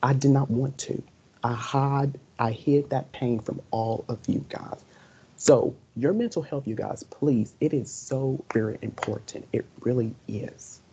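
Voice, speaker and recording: A young man co-hosting a casual podcast, with a raspy, breathy voice and a dark, mellow tone. He is earnest and emotional and keeps circling back to the same points. The recording sounds dull and lo-fi. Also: medium pitch, measured pace. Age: young adult. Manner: earnest, emotional, repeats himself a lot. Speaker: podcast co-host.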